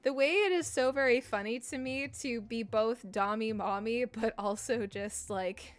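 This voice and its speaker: A woman's voice: on the high side, measured pace, no room sound. A woman streamer in casual chat with her viewers, talking in a chatty, playful way.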